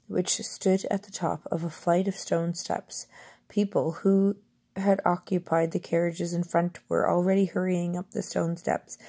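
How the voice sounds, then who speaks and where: Woman reading a book aloud, low voice, mellow and husky, unpolished with restarts. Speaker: reader.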